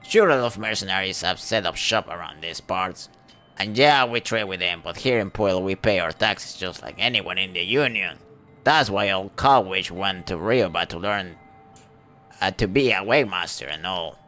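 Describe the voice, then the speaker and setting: A man voicing a gruff village mushroom trader who talks low, sullen and threatening, reading game dialogue aloud. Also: moderate pace, bright, forceful tone, faint music behind. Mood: menacing.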